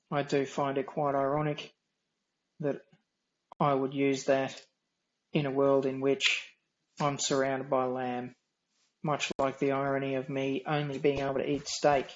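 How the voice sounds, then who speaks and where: An Australian man with a nasal, droning voice, giving dry, wry, unhurried commentary while streaming a game. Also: medium pitch, flat delivery, lo-fi sound. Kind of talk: casual gameplay commentary.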